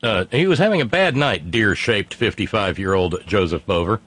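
A man's voice: lowish voice, expressive, normal speed, a bit bright. A man co-hosting a talk show, telling a news story with heavy sarcasm and mocking asides. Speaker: co-host. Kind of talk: sardonic political banter.

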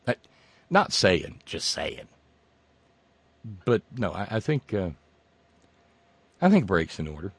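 A man's voice: deep voice, very animated, slow pace, long pauses, breathy edge, dry recording. Dry-voiced rambling male radio host. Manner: rambling, joking, with sudden loud outbursts. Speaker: radio talk show host. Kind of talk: casual call-in radio banter. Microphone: studio microphone.

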